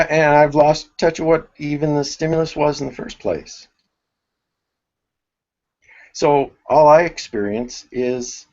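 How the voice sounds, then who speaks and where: A man teaching a spiritual workshop, thinking aloud with many restarts and pauses. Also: medium pitch, darkish tone, dull audio.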